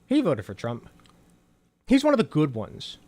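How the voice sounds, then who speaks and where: A man mocking a smug, low-voiced conservative guy. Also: huge pitch swings, moderate pace, darkish tone, dry recording. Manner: mocking, drawled and lowered. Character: smug bigoted conservative man, casual and dismissive.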